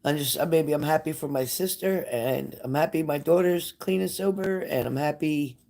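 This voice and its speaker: A woman's voice: sits low, moderate pace, vocal fry, warm tone. Older woman, psychic reader hosting a live stream; casual, emotional, scattered, chatty with viewers.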